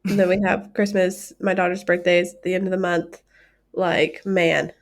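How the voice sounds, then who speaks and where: A woman's voice: fairly low pitch, little pitch movement, moderate pace. A woman in her thirties co-hosting a podcast, talking casually and poking fun at herself. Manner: self-deprecating, chatty. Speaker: podcast co-host. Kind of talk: casual chat.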